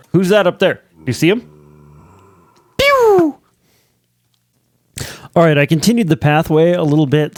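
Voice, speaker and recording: A man's voice: medium pitch, darkish tone, no echo. A man casually narrating his own game footage as host, wandering through a tour with frequent self-corrections. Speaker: Minecraft let's play host. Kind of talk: casual gameplay commentary.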